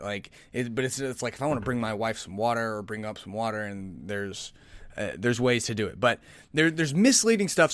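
A man's voice: lowish voice, no room sound. A man hosting a podcast, casually commenting on satirical headlines in a rambling, sarcastic way with frequent restarts. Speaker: podcast host.

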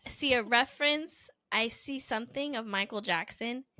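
A woman co-hosts a casual chat, telling a story with lots of animation and acting out the voices of the people in it. Her voice is bright and slightly high. The sound is dry and close. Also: moderate pace, no echo. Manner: animated storytelling, acts out quotes. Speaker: podcast co-host.

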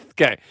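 A man co-hosting a sports podcast, setting up clips with animated, joking storytelling. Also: very high-pitched, creaky, no echo, clean studio sound. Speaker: podcast co-host. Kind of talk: casual chat.

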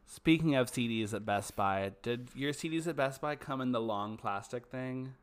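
A man co-hosting a podcast in casual chat, playful and quick to laugh and chime in. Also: medium pitch, clean tone. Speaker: podcast co-host.

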